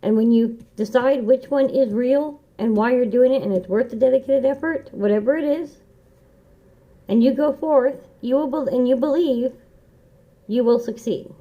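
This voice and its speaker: A woman with a fairly high voice gives a casual tarot reading, earnest and encouraging, coming back to the same phrases again and again. The recording sounds dull and lo-fi, like a simple home setup. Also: normal speed. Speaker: tarot reader.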